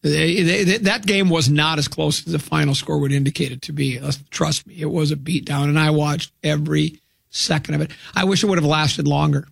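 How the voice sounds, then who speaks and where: A man hosts sports talk radio in a loose, rambling way, joking and trailing off mid-thought. His voice sits a bit high with a gravelly edge. The sound is dry and close. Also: fairly even intonation, brisk, no room sound.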